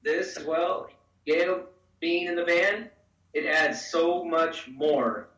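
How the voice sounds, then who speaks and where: A man's voice: on the high side, slow pace. A man who drums in a band, guesting on a podcast, eager and repeating himself. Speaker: drummer guest. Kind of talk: casual interview chat. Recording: roomy, distant, crowd behind.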